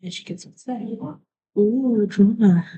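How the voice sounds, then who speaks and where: A woman live streamer rambling through a story in a soft, half-whispered way, often trailing off. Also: mid-range voice, unhurried, dull audio, a little hiss or hum.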